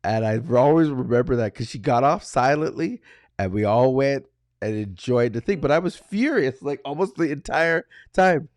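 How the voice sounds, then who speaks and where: A man co-hosting a podcast, telling a personal story in a casual way and acting out the dialogue with animated energy. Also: medium pitch, normal speed, no room sound, studio quality. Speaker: podcast co-host.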